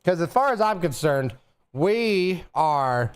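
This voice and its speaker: A male livestream host throws himself into an over-the-top, mock-serious rant with theatrical passion. His voice sits high and swings wildly up and down. He gets more worked up the longer he talks. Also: very animated, slow, clear, resonant tone. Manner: theatrical, impassioned, getting worked up; coughs and trails off between thoughts.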